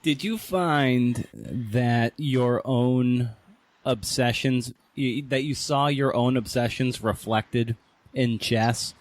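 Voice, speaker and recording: A man hosting a podcast, asking his questions haltingly with restarts. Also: mid-range voice. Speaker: podcast host. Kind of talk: interview questions.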